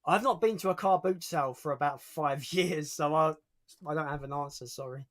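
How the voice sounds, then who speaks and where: A man's voice: fairly high pitch, normal speed, a bit bright. Chatty man hosting a livestream. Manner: chatty, reads out viewer comments. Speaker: livestream host. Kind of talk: casual chat.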